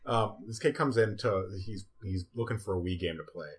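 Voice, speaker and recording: A man's voice: lowish voice, fairly quick. A young man hosting a casual chat, telling funny work stories with a laugh and acting out what people said. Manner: animated, laughing storyteller who acts out quotes.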